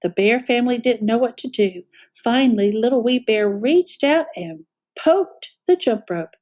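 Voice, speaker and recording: A woman reading a children's picture book aloud as a storyteller, expressive and animated. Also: a little high, measured pace.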